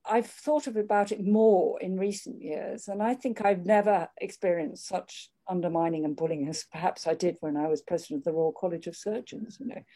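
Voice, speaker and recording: Older woman, warm mellow sound, careful candid way of talking, restarts a lot. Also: lowish voice. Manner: measured, candid, frequent restarts. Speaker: interviewee. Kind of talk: reflective conversation.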